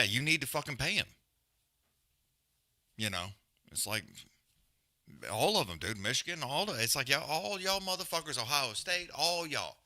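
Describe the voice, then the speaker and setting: A man's voice: mid-range voice, pushed and bright, no echo, studio quality. A man hosting a live fight-watch stream, ranting bluntly with heavy swearing and loose slang, then calling the action. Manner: rambling with restarts and trailing mutters. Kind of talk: profane casual rant and fight commentary.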